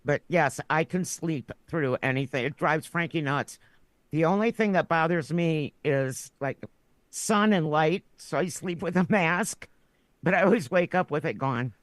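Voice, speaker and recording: A woman's voice: deep voice, measured pace, dry recording. A woman guest on a podcast, telling a story in a rambling way and laughing through her words. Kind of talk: casual chat.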